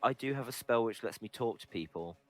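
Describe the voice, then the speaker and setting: A man's voice: medium pitch, lively intonation, brisk, dry recording, faint music behind. A man playing a tabletop game, thinking aloud and unsure, asking the group for advice. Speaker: player. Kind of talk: casual tabletop game chat.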